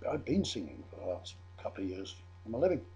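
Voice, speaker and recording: A man's voice: lowish voice, big pitch swings, fast, warm tone, soft background music. An older man from England telling a chatty personal anecdote, amused at himself, with frequent restarts. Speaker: storyteller.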